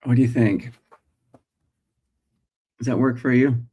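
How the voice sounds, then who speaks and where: A man's voice: medium pitch, fairly even intonation, unhurried, mellow, breathy edge. A middle-aged man hosting a daily live stream as a working actor, chatting casually and thinking aloud with fillers.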